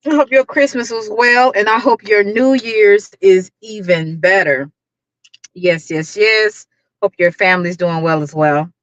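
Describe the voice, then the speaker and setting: A woman's voice: mid-range voice, unhurried, no room sound, muffled recording. A middle-aged woman hosting a casual livestream, greeting viewers by name and talking with lots of fillers. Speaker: YouTube livestream host.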